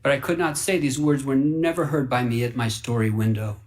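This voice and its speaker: A man reading a fable aloud for radio in an earnest, wide-eyed way, dropping to hushed whispers and rising into excited bursts. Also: medium pitch, fairly quick. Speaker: story reader.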